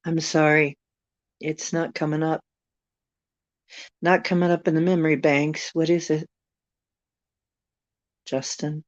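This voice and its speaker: A woman's voice: deep voice, measured pace, pauses often, darkish tone, dry recording, lo-fi sound. A woman from the United States hosting a casual live stream, musing aloud and answering viewer comments. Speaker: channel host chatting with viewers.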